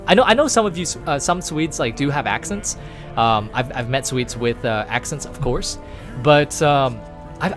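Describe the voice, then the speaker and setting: A man streaming a game, chatting casually with viewers in a rambling, animated way with casual swearing. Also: on the high side. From United States. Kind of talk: casual chat with viewers while gaming.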